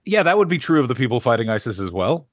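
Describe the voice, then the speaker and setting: A middle-aged man, a comedian co-hosting a podcast, telling profane, animated stories in casual chat. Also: medium pitch, fast talker, no room sound, clean studio sound.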